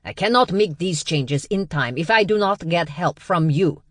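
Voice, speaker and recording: Woman narrator voicing a brusque female fox dressmaker, Serbian accent, clipped and halting, slow and deliberate in a dry booth. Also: on the low side, expressive, no room sound. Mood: insistent. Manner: clipped, halting foreign phrasing.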